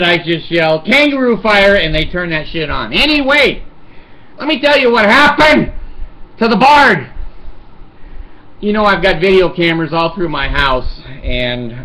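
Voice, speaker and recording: High, bright-voiced older man rambling. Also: low-quality recording. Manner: rambling, profane, chuckles often. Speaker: vlogger. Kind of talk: casual storytelling monologue.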